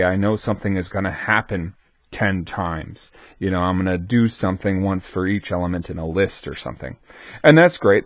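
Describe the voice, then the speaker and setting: A man's voice: fairly low pitch, dry recording. A man gives a screen-recorded coding lesson, chatting with the viewer and answering his own asides. The recording is dry and slightly dull, with little room around the voice. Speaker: programming instructor.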